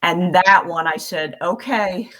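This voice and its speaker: A woman talking slowly and earnestly as a panelist in a casual group chat. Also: lowish voice, a bit bright. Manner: slow, reflective and earnest.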